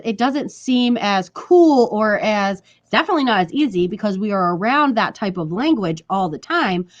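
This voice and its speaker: A woman vlogging casually to her viewers, her voice sitting a little high. She is chatty and emphatic, repeats her points for effect and laughs between them. The recording is somewhat dull and lo-fi. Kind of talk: casual talk to camera.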